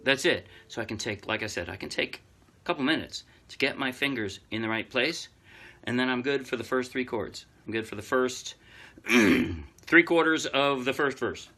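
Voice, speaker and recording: A man giving a casual ukulele tutorial, explaining chords and strums step by step in a relaxed, chatty way. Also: mid-range voice, moderate pace. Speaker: ukulele teacher. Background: loud ukulele playing.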